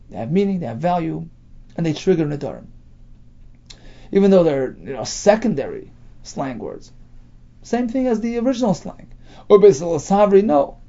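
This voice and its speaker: A man leads a daily Talmud lesson, reading phrases from the text and explaining them in plain English. His voice is high and mellow with a gravelly edge, and his pitch moves a lot. The recording sounds dull and lo-fi. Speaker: Talmud teacher.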